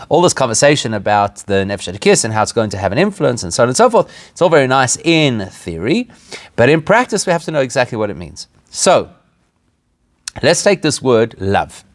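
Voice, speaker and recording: In a mid-range, sing-song voice, a rabbi moves briskly through an informal weekly lesson, tossing out rhetorical questions and laughing at his own remarks. There's no room sound.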